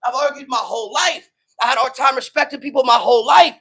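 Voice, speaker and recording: Male pastor, strikingly high pitch, casual preaching style that keeps asking the room if they follow. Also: quick pace, bright, forceful tone, slightly rough, low-quality recording. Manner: emphatic, conversational preaching with frequent "right?" and "man". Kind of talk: sermon.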